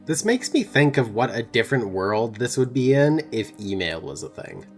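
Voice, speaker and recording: Brief: bantering gamer man, middle pitch, crude humor, faint music behind. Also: sing-song. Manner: joking, crude asides, quick riffs. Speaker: co-host gamer. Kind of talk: casual let's play banter.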